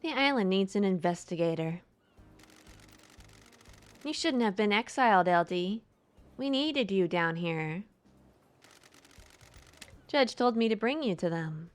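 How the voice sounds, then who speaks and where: A woman streamer reading a game's dialogue and text aloud in a plain, even way. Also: medium pitch, slow pace, pauses often.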